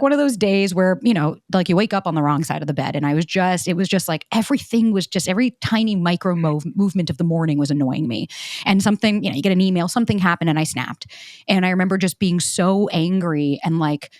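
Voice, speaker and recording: A woman's voice: on the low side, quick pace, a little mellow, no room sound, studio quality. A woman in her thirties hosting a podcast in casual chat, emphatic and outspoken, swearing freely and acting out quotes. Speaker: podcast host.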